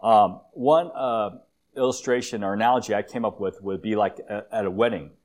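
A man with a fairly low voice preaching a relaxed, conversational sermon. He teaches from slides, calls himself long-winded, and often fills pauses with "um" and restarts phrases. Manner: conversational, with frequent fillers and restarts; self-described as long-winded. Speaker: guest preacher.

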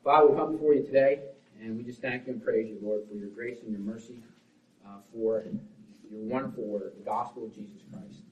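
A man preaching a sermon as pastor, swinging between forceful, loud lines and hushed, quiet ones. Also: mid-range voice, fairly even intonation, fairly quick. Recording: roomy, distant, dull sound.

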